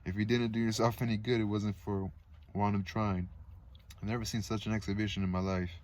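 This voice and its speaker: A man's voice: on the low side, flat delivery, brisk, darkish tone, close to an everyday voice. A man reading the part of an emotional, wounded young woman who speaks plaintively.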